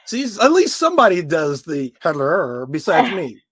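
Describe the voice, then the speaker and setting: A man's voice: a little high, normal speed, slightly rough. A man hosting a podcast, reading a scripted intro and then chatting casually and playfully with his co-host and guest. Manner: upbeat, lively, playful.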